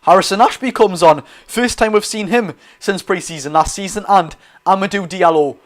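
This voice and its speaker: Chatty Geordie lad streaming a match. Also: male voice, high-pitched, moderate pace. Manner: chatty, reads out live chat and reacts to play. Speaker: football watch-along streamer. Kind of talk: live match watch-along commentary.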